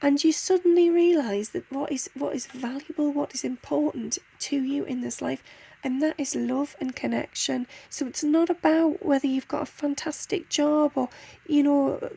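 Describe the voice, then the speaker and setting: A woman giving a soft, heartfelt spiritual card reading, pausing often and restarting her sentences. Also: high voice, steady tone, creaky. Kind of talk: channelled guidance reading.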